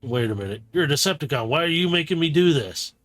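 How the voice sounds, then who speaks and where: A man's voice: fairly high pitch, lively intonation, fast talker, a bit bright, dry recording. A man voicing a wary male robot warrior who speaks in grudging, tense outbursts.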